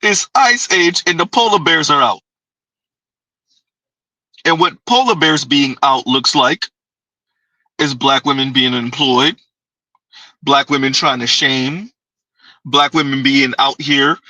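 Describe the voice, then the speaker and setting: Slow-talking man host, bright and distant. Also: mid-range voice, no room sound. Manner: blunt, profane, joking. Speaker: commentary channel host. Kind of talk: late-night commentary.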